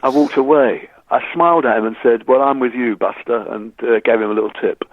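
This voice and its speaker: A man from England, a musician guest in an interview, telling animated anecdotes, stammering on restarts and acting out the voices of people he quotes. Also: medium pitch, a little fast, background noise. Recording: dry, phone-like line.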